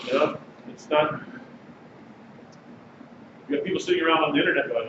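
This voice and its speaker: Male pastor, high voice, conversational sermon, heard from a distance in a noisy, muffled recording. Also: brisk, pauses often. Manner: conversational preaching, reads passages aloud. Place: congregation sanctuary. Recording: distant mic, echoey sanctuary, dull and noisy.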